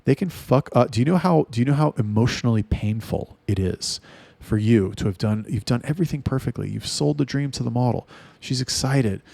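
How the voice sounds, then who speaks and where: A man's voice: medium pitch, fairly quick, vocal fry, warm tone, no room sound. A man ranting in a casual, blunt and heavily profane monologue. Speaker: talk host.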